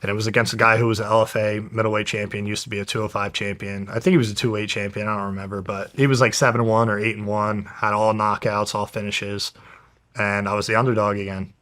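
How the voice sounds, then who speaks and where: A young man from New Jersey tells his story as an interview guest. His voice sits low and pushes hard and tense. He talks bluntly and swears all the time. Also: level tone, fast talker, fairly bright tone. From New Jersey, USA. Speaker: guest, professional fighter. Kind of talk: casual storytelling.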